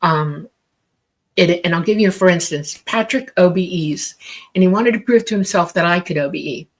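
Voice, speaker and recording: Woman medium, lowish voice, rambling anecdotes, acts out quotes. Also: moderate pace. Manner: rambling, filler-heavy, acts out quoted dialogue. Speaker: psychic medium. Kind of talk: casual storytelling on a talk show.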